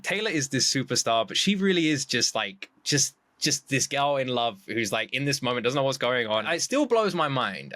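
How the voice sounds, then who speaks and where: Animated, bright-voiced young man, excited. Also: no echo. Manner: excitable, acts out quotes in a high voice. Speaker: podcast guest, YouTube reactor. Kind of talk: casual chat.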